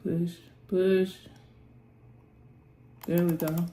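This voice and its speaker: A woman's voice: on the low side, flat delivery, extremely slow, warm tone, a little hiss or hum. A woman hosting a live trading session, calling out prices and urging the chart on with short prayers and terms of endearment. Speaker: trading channel host. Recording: roomy echo with faint music.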